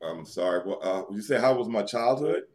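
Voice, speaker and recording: A man's voice: fairly low pitch, expressive, moderate pace, over music. Laid-back teasing man from New York. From New York City. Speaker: guest, former pro wrestler. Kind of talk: casual podcast interview.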